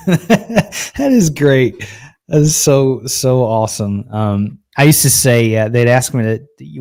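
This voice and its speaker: A man's voice: medium pitch, animated, takes it slowly, a little mellow, no room sound. A man with a Southern Arkansas accent hosting a live podcast in an easygoing, folksy way, laughing often. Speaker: podcast host. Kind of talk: casual live podcast chat.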